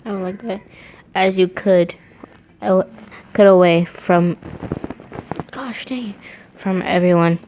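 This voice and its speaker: A woman's voice: mid-range voice, fairly even intonation, slow pace, long pauses, highs cut off, slight background noise. A woman reading fan fiction aloud, breaking off to laugh and comment on it.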